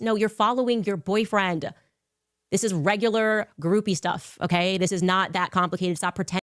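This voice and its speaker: A woman's voice: medium pitch, steady tone, moderate pace, clear, resonant tone, dry recording, clean studio sound. A woman in her thirties hosting a podcast, talking through a timeline with exasperated sarcasm. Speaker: podcast host. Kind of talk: podcast commentary.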